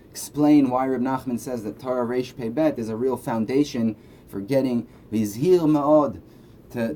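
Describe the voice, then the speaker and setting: A man's voice: medium pitch, mellow. A man giving a casual Torah lesson, speaking conversationally and often checking in with "right?". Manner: conversational, frequent "right?" asides. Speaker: Torah teacher. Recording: faint background noise.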